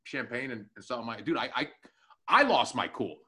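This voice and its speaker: At a moderate pace and medium pitch, the new tech guy who co-hosts a casual podcast recounts a long story full of profanity. He tells it animatedly, acting out each person's words.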